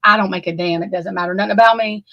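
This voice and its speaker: Woman true crime commentator, unscripted and heated, swears freely and keeps hammering her point, average pitch, dry sound. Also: steady tone, quick pace, sharp tone, dry recording, muffled recording. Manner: heated, profane, emphatic and repetitive.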